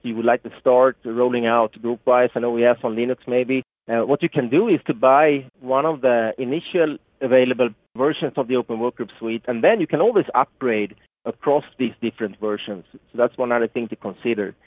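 This medium-pitched man speaks briskly, with a Swedish accent and no room sound on a tinny, dry, phone-like line. As a product marketing guest, he earnestly explains in his interview answers, stumbling into restarts and fillers along the way.

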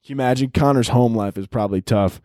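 A man hosting his own podcast in a rambling, profane comedic monologue that breaks into loud yelled bits. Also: medium pitch, quick pace, no room sound, studio quality. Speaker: podcast host.

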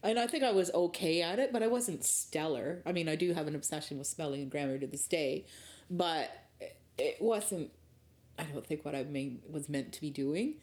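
A middle-aged woman from rural Ontario, Canada, speaks as a guest in a reflective interview, telling stories about her early career. Her voice is low and darkish, moving at a moderate pace, and she comes across as candid and thoughtful, often restarting her sentences.

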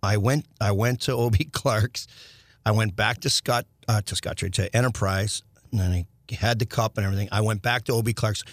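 A middle-aged man, a former hockey player, telling stories as a podcast guest in a rambling, animated way with restarts and some swearing. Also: lowish voice, brisk, dry recording. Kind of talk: casual storytelling interview.

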